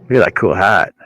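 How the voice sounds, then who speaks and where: A man co-hosting a casual chat, explaining haltingly and repeating words. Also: on the low side, sharp tone, dry recording. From Canada. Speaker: livestream co-host.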